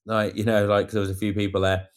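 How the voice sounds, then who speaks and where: A man casually telling a lively story about a bike race, acting out what people said. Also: fairly low pitch, fast talker, clear, resonant tone. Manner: animated storyteller acting out quotes. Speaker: amateur cyclist recounting a race. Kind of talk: casual chat.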